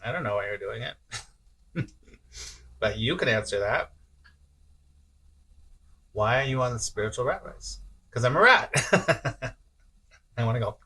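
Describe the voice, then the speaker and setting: A man with a bright, forward voice and a middle pitch gives a loose, chatty spiritual talk. He reads viewer comments on a live stream, chuckles often, and repeats his phrases. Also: expressive, measured pace, pauses often, breathy edge. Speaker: spiritual teacher.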